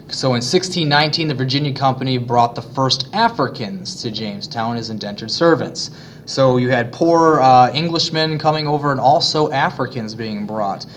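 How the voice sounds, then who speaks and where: A man's voice: medium pitch, normal speed, a little hiss or hum. Casual male teacher explaining history. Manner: casual, many fillers, plays voices of colonists. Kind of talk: classroom lesson narration.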